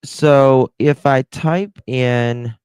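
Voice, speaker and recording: A man hosting a casual live stream, rambling and hesitant, warmly thanking chat. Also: mid-range voice, steady tone, extremely slow, clear, resonant tone, no echo. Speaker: livestream host.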